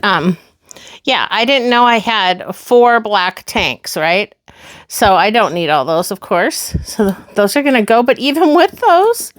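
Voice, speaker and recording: A woman in her sixties giving a chatty, upbeat tour of her closet in a casual home vlog. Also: fairly high pitch. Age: 60s. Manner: chatty and upbeat, exclaiming as she shows things. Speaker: vlogger. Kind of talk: casual show-and-tell vlog.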